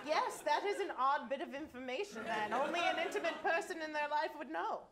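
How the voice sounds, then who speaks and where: A woman's voice: high-pitched, lively intonation, a little fast, a loud crowd. A woman performing live improv comedy on a theater stage, with a dry, mock-serious delivery. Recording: loud noise on a live stage recording. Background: audience laughter.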